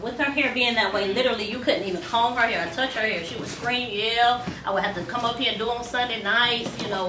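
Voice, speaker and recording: A woman hair stylist explaining her work in a chatty, step-by-step way, with frequent ums, during a salon demonstration. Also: on the high side. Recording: roomy distant mic with salon noise.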